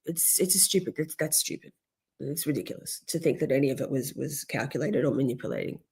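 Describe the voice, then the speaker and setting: A woman's voice: very deep voice, expressive, fast, gravelly, darkish tone, breathy edge. A young adult woman talking on a livestream, rambling and interrupting herself, swearing often as she vents about something personal while thanking viewers in chat. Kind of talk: emotional personal livestream talk.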